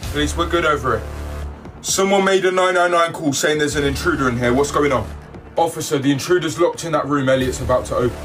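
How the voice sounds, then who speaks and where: A man's voice: a little high, fast talker, fairly bright tone, distant mic, natural voice. A man voicing a tough armed police officer, barking commands over background music. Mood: commanding.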